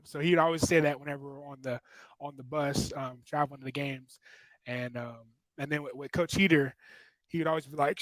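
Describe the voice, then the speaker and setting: A man's voice: fairly high pitch, brisk, fairly bright tone, no room sound, rough recording. A young man guest telling stories in a casual interview, easygoing with lots of fillers. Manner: easygoing storyteller with many fillers. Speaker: guest, former college linebacker.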